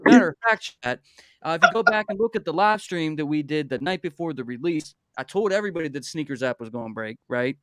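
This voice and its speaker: A man hosting a livestream in casual chat, animated and repeating himself when excited. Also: on the high side, fast talker, no echo, clean studio sound. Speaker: livestream host.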